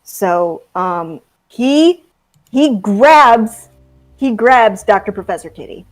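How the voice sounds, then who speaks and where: A young woman narrating as game master of a tabletop game, halting with ums and breaking into laughs. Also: mid-range voice, expressive.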